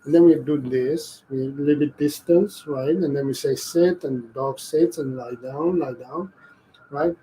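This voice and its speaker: A man who trains dogs, explaining his methods slowly and deliberately during a live video, often restarting his sentences. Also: on the high side, mellow, slight background noise, poor audio. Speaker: dog trainer. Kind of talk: live-stream training advice and Q&A.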